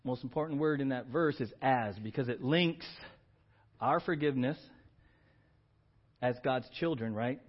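A middle-aged man preaching a sermon as pastor, lively and building to emphatic outbursts. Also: medium pitch, unhurried, long pauses. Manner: animated, rising to emphatic exclamations. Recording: dull lo-fi sermon audio.

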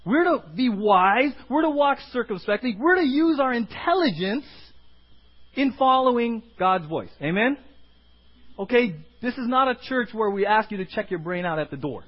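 A man delivers a sermon with a high, lively voice that climbs and drops all over. His tone is a little husky, and he slips into other people's voices as he quotes them. The recording sounds dull and lo-fi. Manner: animated, acts out quoted voices. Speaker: pastor.

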